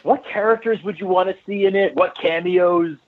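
A man's voice: sits high, normal speed. A man from New York calling into a podcast, upbeat and joking over a tinny phone line. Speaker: caller. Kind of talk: phone-in chat.

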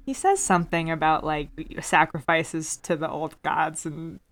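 A woman's voice: low voice, steady tone, unhurried, a bit bright. A woman co-hosting a casual podcast, wry and chatty, filling her speech with "like".

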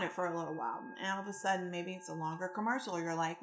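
A woman giving a casual spiritual-coaching talk, animated and rambling, acting out the quotes in her stories. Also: lowish voice, fast talker, few pauses.

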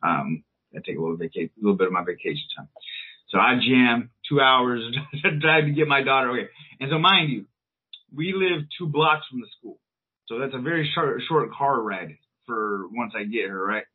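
A man's voice: medium pitch, animated, moderate pace, breathy edge. A man in his thirties co-hosting a podcast, telling a long story in a loose, rambling way with plenty of swearing and filler words. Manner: rambling, profane, lots of fillers. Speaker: podcast co-host. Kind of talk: casual storytelling chat. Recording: tinny, phone-like sound.

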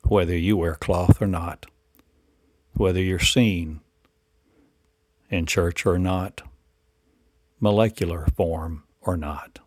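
A man's voice: low voice, steady tone, slow, long pauses, a little mellow, no room sound, clean studio sound. A man delivering a rambling spiritual monologue in incantatory, repetitive declarations and rhetorical questions.

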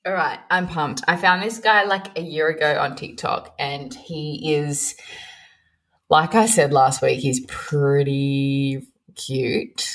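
A young woman co-hosting a podcast in casual chat, relaxed and giggly, swearing offhandedly. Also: sits low, takes it slowly. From Australia. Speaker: podcast co-host.

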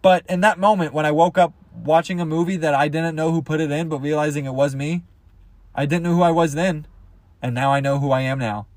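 A man's voice: on the high side, fairly even intonation, brisk, darkish tone, dry recording. A young man hosting a podcast, rambling through crude, goofy comedy bits and jumping into silly voices. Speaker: podcast host.

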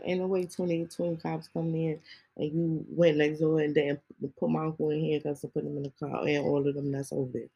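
Gravelly, husky woman ranting. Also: sits low, low-quality recording. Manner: heated, indignant, repetitive rhetorical questions. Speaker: podcast host. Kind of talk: casual ranting monologue.

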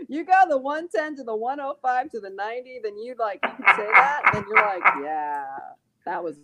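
A woman from Los Angeles, a guest in a casual chat, talking in a lively, chatty way and laughing often. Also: a little high, normal speed. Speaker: podcast guest, artist.

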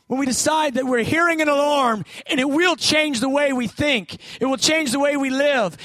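A man delivers a sermon in a high, bright voice. He climbs to shouted urgency, then sinks to a hushed, low telling as he acts out the prophet's pleas. The sound is dry and close. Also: no room sound. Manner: swings from shouted urgency to hushed low storytelling, acting out quoted prayers. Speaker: preacher.

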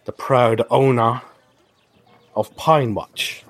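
A man's voice: medium pitch, steady tone, very slow. A man voicing a curt male town official in a tabletop game. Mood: matter-of-fact.

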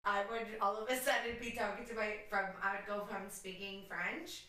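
Woman, bright lively voice, hesitant casual chat, very echoey room, off-mic. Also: medium pitch, moderate pace. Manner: hesitant, trails off and restarts while thinking. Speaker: podcast co-host. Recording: very echoey room, a little far from the mic, faint noise.

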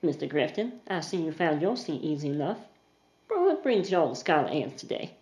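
A game master doing a steely saloon owner. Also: female voice, deep voice, big pitch swings, a little fast, echoey room, muffled recording. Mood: welcoming. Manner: sweetly controlled, soft-spoken. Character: composed saloon-owner woman, steely and polite.

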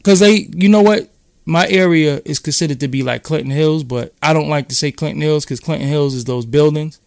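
A man's voice: on the high side, a little fast, vocal fry, no echo, clean studio sound. A man from Brooklyn with a New York accent, rambling in casual, profane street talk as he hosts a live-stream chat. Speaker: podcast host.

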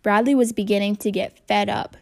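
Reading a children's novel for an audiobook, a woman keeps a brisk, steady, even storytelling delivery. Her middle-pitched voice carries a distinct gravelly fry.

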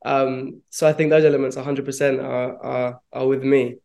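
A man's voice: medium pitch, level tone, normal speed, gravelly, warm tone. A man, an actor answering interview questions in a reflective, rambling way, with frequent laughs. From London, England. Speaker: actor guest.

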